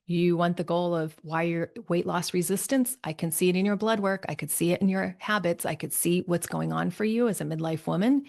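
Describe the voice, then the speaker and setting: A woman's voice: fairly low pitch, fairly quick, creaky, few pauses, darkish tone. A middle-aged woman coach talking solo on a podcast, upbeat and chatty, often tagging lines with "right?". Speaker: midlife health coach, podcast host.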